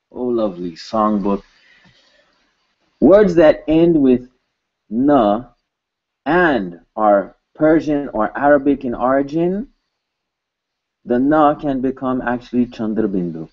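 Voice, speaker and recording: A man's voice: mid-range voice, expressive, slow pace, long pauses, lo-fi sound. A man teaching a recorded language lesson, patiently repeating words and adding joking asides.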